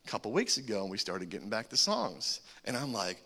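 A man in his forties preaching a sermon as a humorous, animated story, often chuckling between lines. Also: lowish voice, a little fast, few pauses, husky. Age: 40s. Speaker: pastor.

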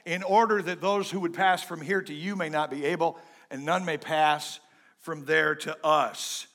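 A man voicing a calm, fatherly old patriarch who answers firmly. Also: on the high side, measured pace.

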